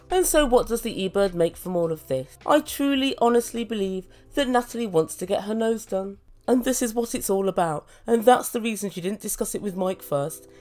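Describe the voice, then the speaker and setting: A woman's voice: medium pitch, a little mellow. A woman recapping a reality show with a sardonic, mocking delivery and free swearing. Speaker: reality TV reviewer. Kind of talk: sarcastic recap commentary.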